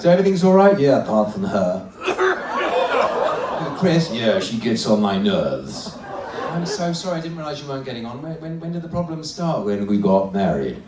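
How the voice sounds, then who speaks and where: A ventriloquist voicing a grumpy, henpecked middle-aged husband in a low, gruff and terse voice, live on stage. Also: male voice, big pitch swings, moderate pace, close to an everyday voice. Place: large cruise ship theatre stage. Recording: echoey theatre, distant mic, audience crowd.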